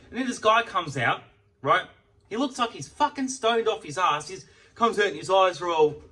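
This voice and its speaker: A young man telling an animated, foul-mouthed story as a casual vlog while he eats. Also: a little high, fairly quick, recorded from a distance. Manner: heavy swearing, animated storytelling. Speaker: food vlogger. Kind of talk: casual ranting while eating. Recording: voice off from the mic.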